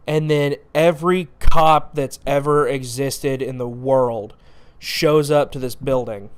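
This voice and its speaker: A man's voice: a little high, clear, resonant tone. A young man hosting a movie review show, talking casually in a sarcastic, exasperated rant about a bad film.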